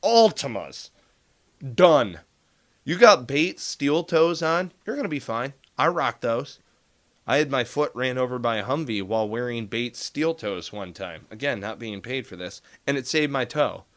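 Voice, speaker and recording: A man spins a war story in relaxed conversation. His talk is salty and lively, and he jumps into the voices of the people in the tale. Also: mid-range voice, normal speed. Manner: profane, animated, acts out dialogue. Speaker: podcast guest telling military stories. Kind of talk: casual storytelling.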